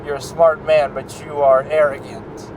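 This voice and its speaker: A man voicing a calm, gloating male serial-killer mastermind, reading his lines slowly and smugly. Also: on the high side, noisy background, lightly acted. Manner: soft-spoken, slow and smug.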